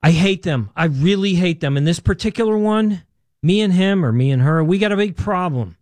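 A male caller on a talk radio line with a slightly high voice. He rambles and grows agitated, and the sound is dry and close. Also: animated, moderate pace, a little mellow, no room sound. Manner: agitated, rambling, repeats himself. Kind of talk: call-in radio chat.

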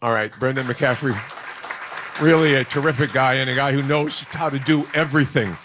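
A man in his sixties, a retiring sports talk radio host, speaking gruffly and with wisecracks on a live show. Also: mid-range voice, steady tone, normal speed, crowd noise, background noise.

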